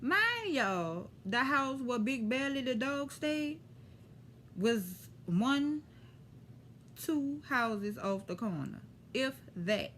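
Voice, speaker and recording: A woman with a New Orleans accent telling a story to camera in a lively, profane, slangy way. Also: high-pitched, drawn-out words, a little hiss or hum. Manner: animated, profane, street slang. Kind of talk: casual storytime.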